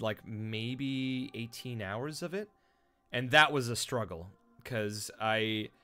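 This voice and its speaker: A man's voice: mid-range voice, a bit bright, clear, resonant tone. A man who streams and voice-acts, chatting casually with his viewers in a rambling, self-deprecating way, full of fillers and restarts. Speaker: streamer and voice actor.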